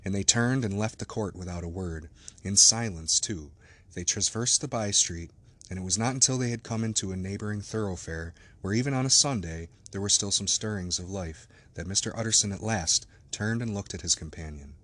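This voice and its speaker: A man narrates a classic novel in a measured, even reading. His voice sits low and steady. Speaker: audiobook narrator. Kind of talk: scripted narration.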